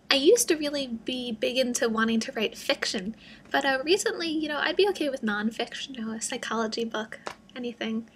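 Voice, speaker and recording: A young female vlogger chats casually to her camera in a rambling, self-deprecating monologue full of fillers. Her voice is fairly high, a bit bright and husky.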